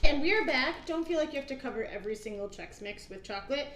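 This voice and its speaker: A woman's voice: sits high, expressive, fast talker. A woman in her thirties patiently teaching a young child in a home cooking demo, asking simple questions. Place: home kitchen. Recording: echoey room, faint noise.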